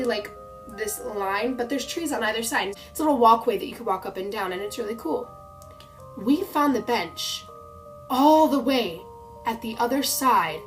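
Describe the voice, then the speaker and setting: A young woman vlogger spins a spooky family story for her channel in a casual, chatty way. Her voice sits a touch high, and faint music plays under her talk. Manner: chatty, animated storytelling with many "like"s.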